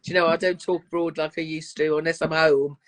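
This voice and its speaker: A woman from the West Midlands with a soft Black Country accent, hosting a casual interview over a video call in a chatty way. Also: sits low, little pitch movement, fairly quick. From West Midlands, England. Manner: warm, chatty, calls the guest darling. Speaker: podcast host.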